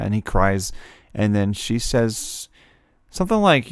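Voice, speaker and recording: A man's voice: on the low side, a little slow, creaky, dry recording, studio quality. A man streaming a game, casually commenting and reading its dialogue aloud with playful voices and frequent laughs. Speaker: let's play streamer. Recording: faint game music behind.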